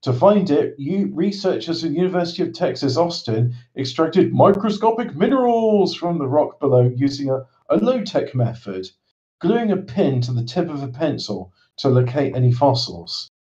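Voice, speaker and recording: A man with a fairly high voice talks casually, reading strange headlines and tossing in dry, meandering jokes. The sound is dull and lo-fi, like a cheap home podcast mic. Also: expressive, moderate pace, mellow. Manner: wry, rambling, reads headlines aloud with asides. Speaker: podcast co-host reading news stories. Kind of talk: casual chat.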